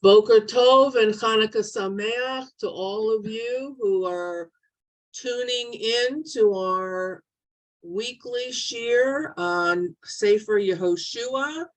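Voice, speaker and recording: A middle-aged woman with a voice on the high side leads an online Bible study over a video call. She speaks haltingly, with many fillers and restarts.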